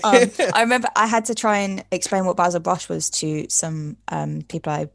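Young woman with a Portsmouth accent, podcast co-host, slightly gravelly voice in a dry room, rambling and self-deprecating. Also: lowish voice, fairly even intonation, moderate pace, no echo. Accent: Portsmouth English. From England. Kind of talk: casual chat.

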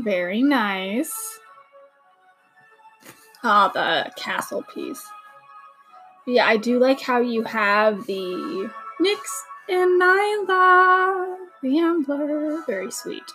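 A young woman hosts a casual watch-along podcast, chatty and gushing and full of "like" fillers, with show audio playing underneath. Her voice is on the high side and a bit bright, and the recording quality is low.

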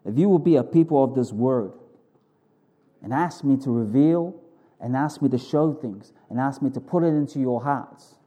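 A pastor speaking as God, pleading with his people in a low, earnest voice. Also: normal speed, warm tone, natural voice.

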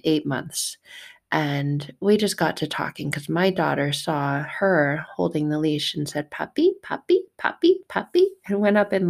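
A woman telling an emotional personal story, raw and tearful at times, swinging from hushed to loud. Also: sits low, gravelly.

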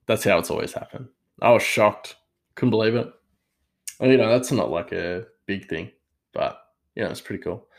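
A man's voice: fairly low pitch, normal speed, creaky, long pauses. A young man chatting casually about video games, rambling and digressing with a self-deprecating streak. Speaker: gaming vlogger. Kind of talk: casual chat.

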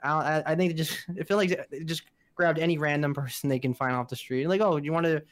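A man with a fairly high, smooth and resonant voice talks casually on a podcast. He rambles with lots of fillers and restarts. The sound is close and dry. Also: fairly even intonation, fast, dry recording. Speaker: podcast co-host.

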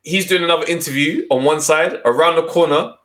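A man's voice: fairly high pitch, fairly quick. A young man, chatting casually and acting out the people in his story, often laughing. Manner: animated storyteller, acts out quotes, laughs often. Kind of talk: casual chat.

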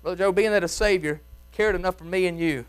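A man with a Mississippi accent preaching a sermon in folksy Southern speech, shouting some phrases and dropping to a hush on others. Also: high voice, quick pace, clean tone. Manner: swings from shouting to hushed, soft tones; folksy Southern grammar, chuckles while preaching. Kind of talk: revival sermon. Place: church.

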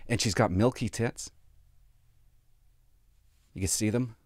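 A man's voice: lowish voice, slow, no echo, clean studio sound. A man, a police officer telling work stories in a blunt, sarcastic, profane casual vlog from a sparse home office.

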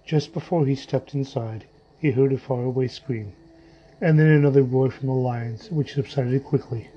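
A man narrating a story in a measured, dramatic reading style. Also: mid-range voice, warm tone, a little hiss or hum. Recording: dull lo-fi audio with faint music.

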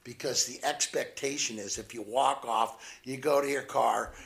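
A man from Southeast Missouri telling stories in a lively, laughing way as a guest on a chat show. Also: mid-range voice, moderate pace, creaky. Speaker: motivational speaker and guest. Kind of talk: animated storytelling chat.

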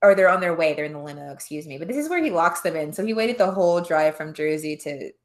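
A woman's voice: sits low, animated, fast talker. A young woman co-hosting a podcast, recapping a film plot in rambling casual chat, full of "um" and "like" fillers. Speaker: podcast co-host.

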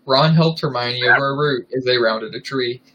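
Deadpan man reading a story aloud. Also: mid-range voice, moderate pace, lo-fi sound, slight background noise. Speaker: co-host reading fan fiction aloud. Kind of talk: comedic dramatic reading.

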